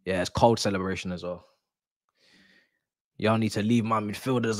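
A young man reacting live during a football watch-along, excitable and slangy, swearing and repeating himself. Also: on the low side, moderate pace, long pauses, dry recording, studio quality.

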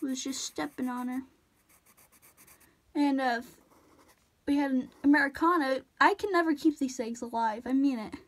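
A woman's voice: high-pitched, moderate pace, pauses often. A woman chatting casually while she draws, rambling off-topic, apologizing and cutting herself off. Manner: rambling, self-interrupting, apologetic. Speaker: drawing tutorial vlogger.

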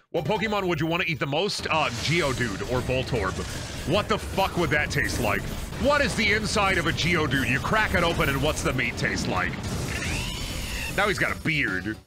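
A young man streaming a video game, joking, rambling and swearing freely as he plays. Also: medium pitch. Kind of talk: casual game stream commentary. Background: faint game music.

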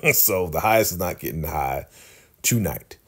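A man giving a chatty, animated recap of a TV episode. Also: deep voice, a little slow, slightly rough. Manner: chatty, animated, laughs often. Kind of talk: casual TV recap.

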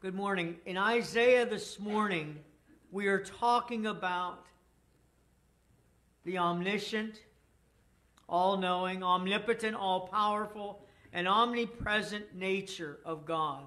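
A man pastor reading scripture and preaching a sermon in a church sanctuary, in a slow, measured way with pauses. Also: sits high, bright, forceful tone.

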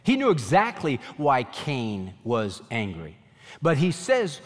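A man preaching a sermon as a pastor, animated, voicing God's questions in a pleading tone. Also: medium pitch, takes it slowly, long reverb tail.

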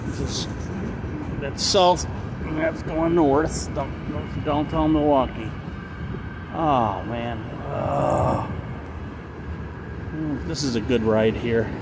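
A man vlogging outdoors beside railroad tracks, muttering to himself between excited exclamations as trains pass. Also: mid-range voice, slow pace, gravelly, long pauses. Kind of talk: casual handheld vlog narration. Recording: outdoor noise of passing trains. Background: passing freight train and city ambience.

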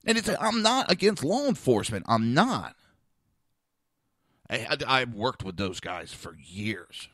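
Blunt, animated male talk host. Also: mid-range voice, a little slow, dry recording, clean studio sound. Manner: blunt, animated, acts out quoted voices. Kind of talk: casual storytelling monologue.

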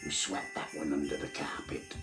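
A man putting on a high falsetto voice to play an elderly, crude queen giving a mock-regal, sweary speech. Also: moderate pace, gravelly, a bit bright, roomy sound, faint music behind, heavily acted. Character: elderly queen, plummy and crude, mocking the year.

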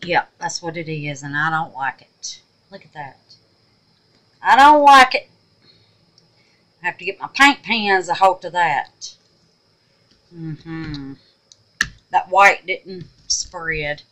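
A woman chatting to her viewers while making resin crafts, often trailing off into quiet muttered asides. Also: on the low side, expressive, slow pace, pauses often. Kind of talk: casual crafting vlog.

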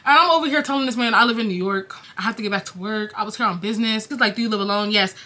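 Fast, bright-voiced young woman vlogger. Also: medium pitch. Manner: slangy, animated, quotes others in her own voice. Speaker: YouTuber. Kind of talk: casual storytime vlog.

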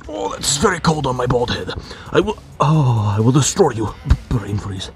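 A man's voice: mid-range voice, animated, moderate pace, soft background music, lightly acted. A man doing a bald mad scientist villain. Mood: threatening. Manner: theatrical threats, fussy. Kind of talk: plush toy comedy skit.

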